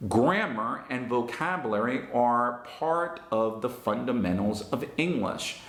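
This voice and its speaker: A male English teacher explains in a measured, step-by-step way. His voice sits low with a gravelly edge. The room around him echoes noticeably. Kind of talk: answering viewer questions on a video lesson.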